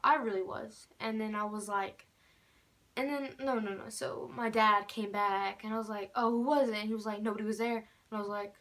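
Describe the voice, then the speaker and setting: Teen girl, casual storytime vlogger, rambling and filler-heavy, average pitch. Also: fairly even intonation, normal speed, fairly bright tone. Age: teens. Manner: rambling, many fillers, keeps repeating "normal".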